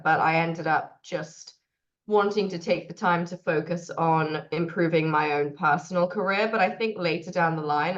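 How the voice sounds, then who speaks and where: Young Englishwoman, chatty, lowish voice. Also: dull audio. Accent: English mixed with American. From England. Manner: chatty, laughs easily. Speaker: singer-songwriter guest. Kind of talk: casual interview chat.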